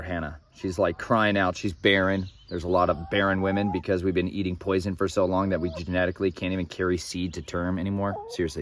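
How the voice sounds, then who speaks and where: A young man retells Bible stories in a loose, casual way, rambling off into blunt opinions and side remarks. His voice sits somewhat low. He is recorded outdoors in a farmyard, with a faint hiss and chickens clucking behind him. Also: a bit bright. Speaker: Bible teacher.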